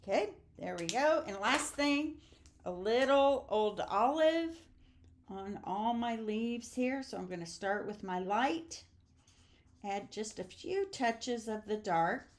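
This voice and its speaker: A woman's voice: on the high side, lively intonation, takes it slowly. Chatty older woman teaching crafts. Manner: chatty, homey, sings snippets and laughs. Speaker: crafting class host. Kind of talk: casual craft demonstration.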